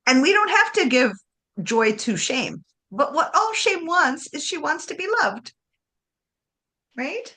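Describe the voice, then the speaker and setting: A woman chatting casually about spirituality, animated, laughing often and acting out voices. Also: sits high, takes it slowly.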